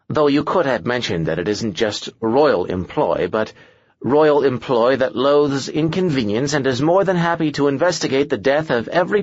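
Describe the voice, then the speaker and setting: A man's voice: medium pitch, dry recording, dull audio, natural voice. Man doing a fussy, gloomy pedant. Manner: precise, dryly gloomy. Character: fussy pedantic male scholar.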